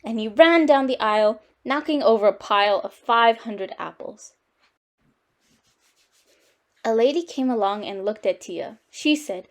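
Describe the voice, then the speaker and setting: Lively woman reading to kids. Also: on the high side, normal speed, hardly any pauses. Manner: lively, expressive storytelling. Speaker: storytime reader. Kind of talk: children's read-aloud.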